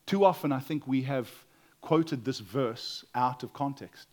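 A man preaching a sermon in an earnest way, acting out quoted voices and dropping to a quiet voice to stress a point. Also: mid-range voice, a little slow. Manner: earnest, acts out quotes, drops to quiet for emphasis.

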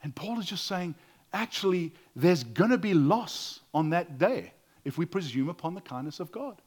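A man preaching a sermon in an earnest way, acting out quoted voices and dropping to a quiet voice to stress a point. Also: a little high, big pitch swings, normal speed. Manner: earnest, acts out quotes, drops to quiet for emphasis.

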